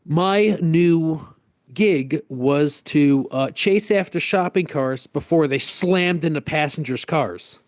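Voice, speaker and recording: A man co-hosting a podcast, telling stories casually and animatedly, jumping his voice up high when he acts out other people. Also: slow pace, dry recording, studio quality. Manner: animated storyteller, jumps high in pitch to act out people. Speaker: podcast co-host. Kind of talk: casual storytelling chat.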